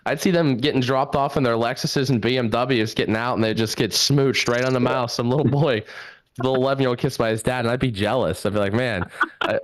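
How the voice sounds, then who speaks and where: A man's voice: mid-range voice, fairly even intonation, fairly quick. A young man doing a stand-up set over a video call from a home microphone, rambling loosely and laughing at his own jokes. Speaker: stand-up comedian.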